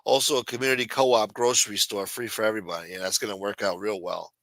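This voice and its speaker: A man's voice: on the low side, steady tone, quick pace, a bit bright, dry recording, rough recording. A man hosting a late-night talk show, ranting bluntly with lots of profanity. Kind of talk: casual talk-show rant.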